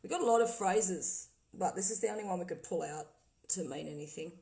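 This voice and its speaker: A woman vlogger in casual livestream chat who talks excitedly, trails off and laughs often. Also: fairly low pitch, a little fast, gravelly, low-quality recording. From Australia. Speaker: vlogger playing spirit recordings.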